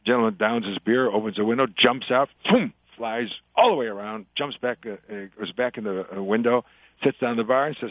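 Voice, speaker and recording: A man's voice: mid-range voice, brisk, dry recording, rough recording. An older man, an author, chatting in an interview and telling jokes like a storyteller. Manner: chatty storyteller, animated in punchlines. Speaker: author and guest.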